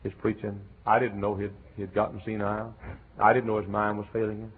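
A man preaching an emphatic revival sermon, bursting into shouts. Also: fairly low pitch, completely flat delivery, brisk, husky. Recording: tinny phone-like old sermon recording.

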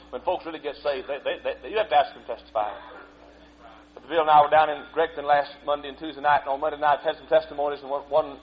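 Preacher man in a church, fiery sermon, yells then goes quiet, muffled old tape with faint hum. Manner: swings from low asides to shouted exclamations. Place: church sanctuary.

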